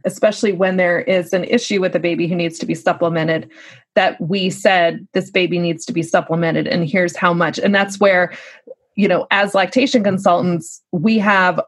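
A woman's voice: lowish voice, breathy edge, dry recording. A woman working as a lactation consultant, talking in a casual, earnest and encouraging way. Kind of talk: casual podcast conversation.

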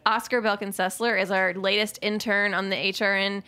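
A woman's voice: mid-range voice, flat delivery, normal speed, bright, forceful tone, clear, resonant tone. A young woman hosting a radio show in a studio, chatting casually and laughing often. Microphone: studio microphone.

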